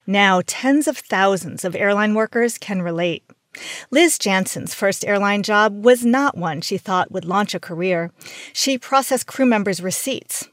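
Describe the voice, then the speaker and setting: A woman reporter narrating a radio news feature in a measured, scripted delivery. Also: medium pitch, expressive, fairly bright tone, dry recording. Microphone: studio mic.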